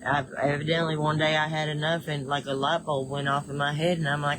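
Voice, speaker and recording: A woman's voice: low voice, brisk, few pauses, noisy background. An older woman with a Southern drawl chats loosely on a home livestream, answering viewer comments as she goes. Her talk wanders, doubles back on itself and breaks into easy laughter. Faint crickets and insects chirp in the background. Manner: rambling, chatty, many restarts, laughs easily. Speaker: livestream host. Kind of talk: casual chat reading viewer comments. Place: home in the woods.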